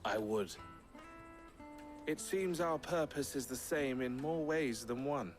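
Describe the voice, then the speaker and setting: An actor playing a wry, smooth-talking smuggler brother in a video game cutscene, with music behind. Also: male voice, mid-range voice, takes it slowly, natural voice. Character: sly smuggler man, Eloise's brother Theodore.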